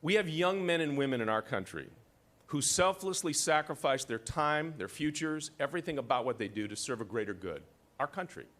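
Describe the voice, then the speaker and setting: Emceeing an award ceremony in a large hall, a middle-aged man jokes and pokes fun at the audience from the podium mic. He speaks briskly and with animation, his voice on the high side and a bit bright.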